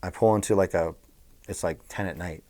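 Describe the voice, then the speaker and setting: The speaker is a middle-aged interview guest from Southern California who once worked as a bookmaker. In a low voice, a little on the fast side, he rattles off animated, foul-mouthed, blunt anecdotes in a casual storytelling style.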